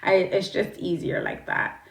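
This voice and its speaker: A woman's voice: a little slow, reverberant, recorded from a distance. A woman livestreaming from her phone, talking bluntly and rambling, swearing and greeting her chat as she goes.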